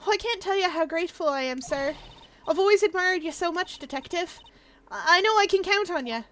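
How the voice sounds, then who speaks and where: A woman's voice: very high voice, animated, a little fast, a bit bright, slight background noise, pitched above the performer's own voice. A woman doing an eager lilting young policewoman. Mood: admiring. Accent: put-on mix of Irish and Scottish. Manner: eager and deferential, says sir.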